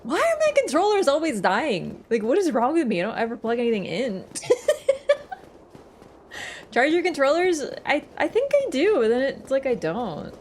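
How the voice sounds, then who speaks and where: A woman's voice: sits high, wildly swooping pitch, normal speed, slight background noise. Chatty woman streaming a game. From Canada. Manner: chatty, laughs often, answers chat while playing. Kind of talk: casual gaming livestream chat.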